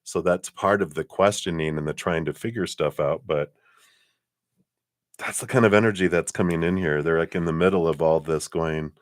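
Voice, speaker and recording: A man's voice: extremely low pitch, fairly even intonation, moderate pace, no echo, studio quality. A man giving casual live tarot readings in a laid-back, chatty way, laughing often and letting sentences trail off. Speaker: tarot reader.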